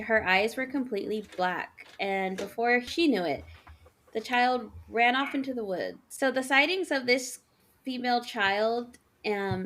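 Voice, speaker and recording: A woman's voice: fairly high pitch, a bit bright. A woman co-hosting a podcast, retelling spooky stories in casual chat. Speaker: podcast co-host.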